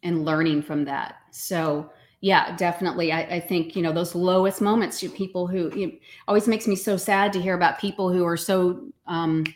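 A woman's voice: lowish voice, steady tone, moderate pace, hardly any pauses. A woman in her forties, a guest actor in a casual interview, talking with upbeat emphasis and easy laughs.

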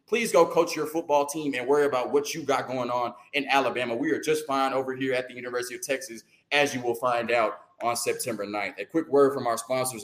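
A man hosting a sports show, delivering a heated, opinionated rant full of rhetorical questions and tag-on "right?", talking fast and stumbling over words when excited. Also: medium pitch, roomy sound, poor audio.

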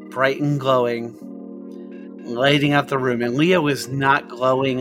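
A game master narrating a tabletop scene in casual, filler-heavy talk. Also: mid-range voice.

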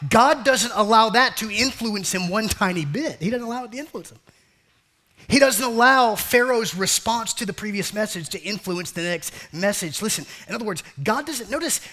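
A man's voice: high voice, pushed and bright. A man preaching a sermon as pastor, repeating his points and calling his listeners family and beloved. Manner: repeats phrases, calls listeners family and beloved, acts out jokey quotes.

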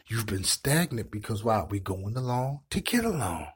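A man's voice: lowish voice, sing-song, moderate pace, breathy edge. A middle-aged man hosting an online show, giving impassioned commentary in a preachy way and repeating words as he builds his points. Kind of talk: impassioned live-stream commentary.

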